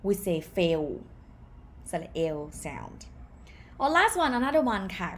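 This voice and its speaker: A woman with a Thai accent teaches pronunciation in an online lesson, speaking slowly and repeating each word to contrast its sounds. She is a native Thai speaker with a mid-range voice. Faint noise sits behind her. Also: medium pitch, huge pitch swings, fairly bright tone.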